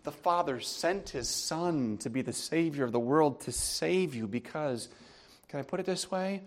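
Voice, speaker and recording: A man preaching a sermon as a pastor, telling a personal story with strong emotion, dropping to hushed tones and rising to loud outbursts. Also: on the high side, expressive, a little slow.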